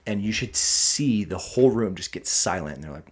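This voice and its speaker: A man hosting a casual podcast conversation, talking in an animated, emphatic way with preacher-like rises and drops. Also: on the low side, normal speed, breathy edge.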